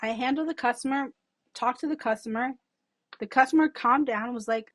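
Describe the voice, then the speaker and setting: A young woman who runs a salon, chatting casually on a podcast in a sarcastic, animated way and swearing freely. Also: high voice, fairly quick, dry recording. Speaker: salon owner and boss.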